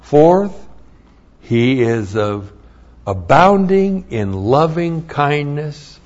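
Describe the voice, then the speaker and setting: A man preaching an expository Bible sermon, teaching slowly and deliberately with emphatic rises. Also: fairly high pitch, big pitch swings, darkish tone. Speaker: pastor. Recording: dull lo-fi recording.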